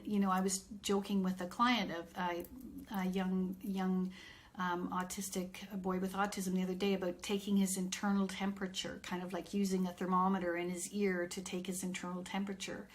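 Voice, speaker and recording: Middle-aged woman, parent coach on a live stream, unhurried and earnest. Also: medium pitch. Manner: earnest, reassuring, thinks aloud with fillers.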